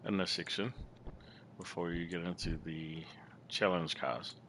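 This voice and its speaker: A man commenting casually on a racing game, relaxed and chatty with sudden excited outbursts and the odd swear word. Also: low-pitched, measured pace. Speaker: gaming channel host. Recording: loud game engine noise behind.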